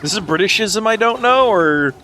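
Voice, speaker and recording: A man's voice: high-pitched, animated, brisk, bright, forceful tone. A man giving sarcastic, joking commentary while he streams a game, swearing freely. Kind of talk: casual gameplay commentary.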